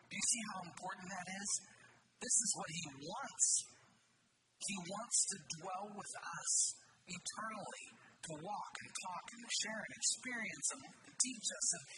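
A man preaching a sermon with earnest, animated delivery that swoops suddenly high on key words. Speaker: pastor. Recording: distant mic with loud background noise.

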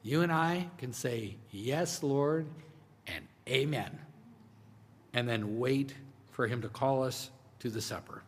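A male pastor delivering a sermon at a medium pitch, talking to his congregation like a friend. He drops to hushed, slow phrases, then pushes out excited lines. His voice rings with the long reverb of a large church sanctuary. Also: slightly rough. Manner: conversational preaching, swings between hushed and emphatic.

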